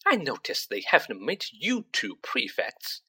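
A man's voice: medium pitch, wildly swooping pitch, unhurried, bright, forceful tone, breathy edge, full character voice. A man voicing a stern, proud middle-aged witch mother in a storybook reading. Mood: scolding. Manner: stern, snapping.

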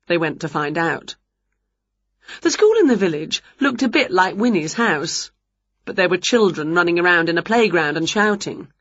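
A woman reading a children's storybook aloud with expressive, animated storytelling, on a dull lo-fi recording. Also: lowish voice, normal speed, dry recording. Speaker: storybook reader. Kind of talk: storybook read-aloud narration.

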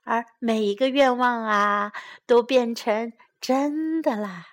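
A woman reading a children's storybook aloud and teaching from it, in a slow, gentle and expressive way. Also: a little high.

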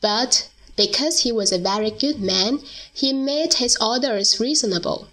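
A woman narrating a storybook in a slow, deliberate reading. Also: fairly high pitch, pushed and bright, soft background music, rough recording.

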